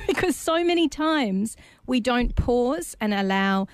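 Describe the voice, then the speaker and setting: A woman's voice: on the high side, animated, slow pace, smooth, dry recording. A woman hosting a podcast, chatty and enthusiastic. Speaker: podcast host. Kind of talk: podcast interview.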